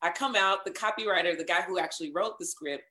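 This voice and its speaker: A woman recounts her start in voiceover in a relaxed interview. She tells it with animation, slipping into other people's lines as she goes. Her voice sits a little low for a woman. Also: quick pace. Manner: animated, acts out quoted dialogue. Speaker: voiceover artist guest. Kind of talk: casual interview storytelling.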